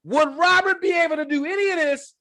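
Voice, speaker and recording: A man with a very high, bright, forceful voice rants through a profane commentary stream. He sounds close to the mic in a dry room with no echo. He breaks into loud outbursts and mocking impressions. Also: fairly quick. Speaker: political commentary channel host.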